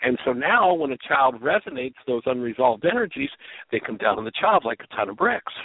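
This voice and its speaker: A man's voice: medium pitch, brisk, slightly rough, dry recording. A man hosting a call-in radio show, teaching on perception and acting out quoted voices as he goes. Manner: lively, acts out other people's voices in quotes. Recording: tinny phone line.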